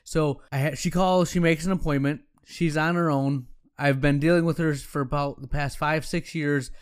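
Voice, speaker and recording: A man's voice: fairly high pitch, fairly even intonation, moderate pace, clear, resonant tone. A man who runs an optometry practice telling a story in a frank, conversational way, quoting himself and others as he goes. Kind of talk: casual storytelling talk.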